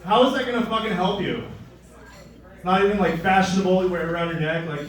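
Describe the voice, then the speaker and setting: A young man performing stand-up in a live venue, delivering crude, sardonic lines in a flat, deadpan way. His voice sits a little high, and it rings with heavy room echo, picked up from a distance. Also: quick pace. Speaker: stand-up comedian. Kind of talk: stand-up comedy set. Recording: echoey room, mic at a distance.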